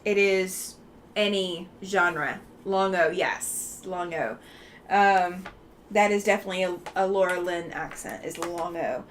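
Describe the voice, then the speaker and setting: A woman's voice: fairly low pitch, slow pace, a little hiss or hum. A woman from Alabama hosts a casual livestream, reading chat aloud in a chatty, friendly way with many ums and easy laughs. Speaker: livestream host.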